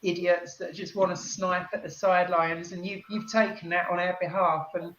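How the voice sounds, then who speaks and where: A woman, choked up, speaks haltingly in a flat, soft tone. The sound is roomy and dull, like a laptop in a home room, with faint noise behind. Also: fairly low pitch. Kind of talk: tearful farewell on a video call. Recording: roomy, dull video-call audio.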